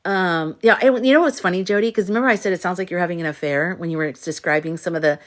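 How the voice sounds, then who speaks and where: A woman's voice: fairly low pitch, fast talker. A woman hosting a casual livestream, rambling chattily and reading viewer comments aloud. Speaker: livestream host. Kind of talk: casual live chat.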